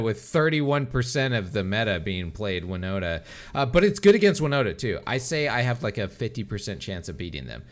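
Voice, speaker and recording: A man co-hosting a podcast in casual chat, excitable, swearing a lot and laughing often. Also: on the low side, brisk, few pauses. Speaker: podcast co-host.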